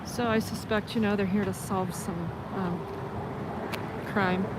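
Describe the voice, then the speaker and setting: A woman's voice: medium pitch, steady tone, measured pace. Woman, livestreamer, sarcastic, street traffic noise, phone mic. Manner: sarcastic, turns to loud shouting at officers. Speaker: livestreamer filming police. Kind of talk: live street commentary. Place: outdoors on a city street.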